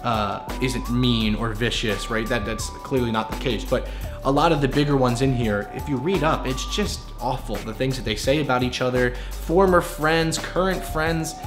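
A man's voice: medium pitch, normal speed, over music. A man giving earnest, lecturing commentary on his vlog, sometimes repeating himself for emphasis. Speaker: commentary youtuber.

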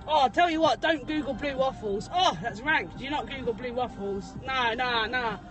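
A very high, silly voice for a rambling, cheeky bearded taxi driver, played by a woman. The chatter is giggly and nonsensical, a little off-mic inside a parked car. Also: normal speed, recorded from a distance, over music, close to an everyday voice. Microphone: phone camera.

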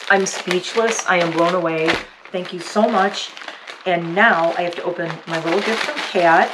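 A woman YouTuber unboxing holiday gifts on her vlog, gushing and gasping with excitement. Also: lowish voice, noisy background.

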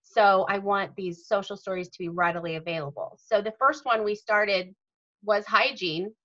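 A woman's voice: medium pitch, normal speed, a bit bright. A woman author and mother answering interview questions, explaining things earnestly and in detail. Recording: dull lo-fi audio.

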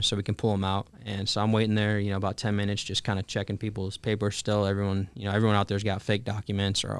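Low, gravelly man recounting a war story. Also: completely flat delivery, fast, few pauses, no echo. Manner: frequent fillers and swearing, acts out quoted dialogue. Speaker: Marine telling his story as a podcast guest. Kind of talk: casual conversational storytelling.

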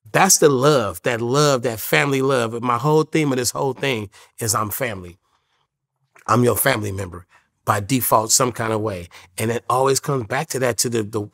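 A man's voice: mid-range voice, vocal fry, fairly bright tone. A man in his fifties, a rapper guest in an interview, telling stories in a laid-back, profane way. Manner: laid-back, profane, quotes people in voices. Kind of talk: casual storytelling interview.

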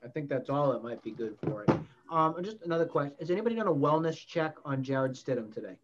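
A man's voice: a little high, lively intonation, fast talker, muffled recording. A man hosting a sports talk show in a small public-access studio, ranting bluntly and swearing mildly. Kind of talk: casual sports debate.

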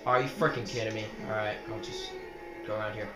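A young man giving let's play commentary, joking and yelling at his teammates while he plays. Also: lowish voice, brisk, echoey room, over loud music. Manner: excitable, yells at teammates, joking. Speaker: gaming commentator.

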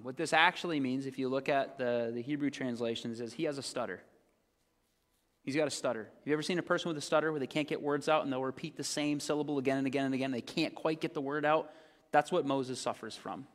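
Emphatic male pastor in a reverberant hall. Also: brisk. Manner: swings between loud emphatic points and quiet, low asides. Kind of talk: sermon. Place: church sanctuary.

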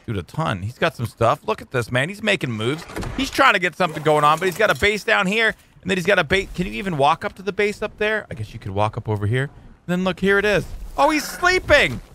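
A man giving excitable, jokey let's-play commentary as a gaming video host, talking to his tamed creatures. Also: sits high, fast talker, a little hiss or hum. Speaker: gaming YouTuber.

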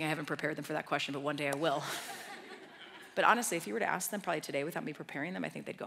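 A woman giving a sermon as a guest speaker, talking conversationally and swelling into loud emphatic passages. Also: deep voice, steady tone, racing, creaky. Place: large church auditorium. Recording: long hall reverb.

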